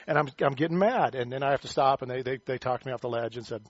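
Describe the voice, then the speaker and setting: Man preaching a casual, lively sermon. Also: medium pitch, fast talker, few pauses, no echo. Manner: conversational, animated, self-deprecating humor. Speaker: pastor. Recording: dull, slightly muffled, dry sound.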